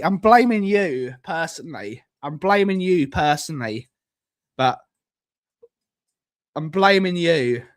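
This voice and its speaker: A man chats casually on his live stream, wandering from thought to thought. He repeats his lines and cracks jokes, and his voice sits a little on the high side. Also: a bit bright. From United Kingdom. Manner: rambling, repeats himself, jokey.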